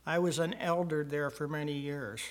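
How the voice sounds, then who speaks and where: Steady in tone and somewhat high, the man's voice carries an older church member's testimony before his congregation. He speaks slowly and earnestly, building to emphatic peaks at important points.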